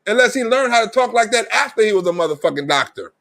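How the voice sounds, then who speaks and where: A man with a strikingly high voice, ranting on his own live stream. His talk is blunt street slang, thick with profanity, and he hammers home every point with heavy emphasis. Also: expressive, fast talker, fairly bright tone. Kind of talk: ranting monologue.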